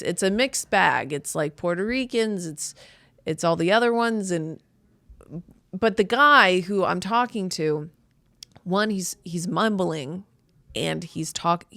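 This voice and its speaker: A woman's voice: on the low side, fairly bright tone, no echo. A woman in her thirties hosting a podcast, telling a rambling, self-deprecating comedic story full of "like" and restarts. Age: 30s. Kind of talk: casual comedic monologue.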